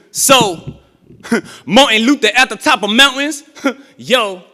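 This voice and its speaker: Spoken word poet in an echoey church. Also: male voice, very high-pitched, animated, slow. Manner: conversational storytelling building to chanted, shouted verse. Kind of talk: spoken word poetry and storytelling. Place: church, live event.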